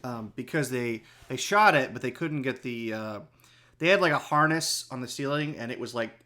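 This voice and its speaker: Man, medium pitch, podcast co-host, knowledgeable, lots of restarts. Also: normal speed, sharp tone. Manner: knowledgeable, full of restarts and fillers. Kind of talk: casual movie discussion.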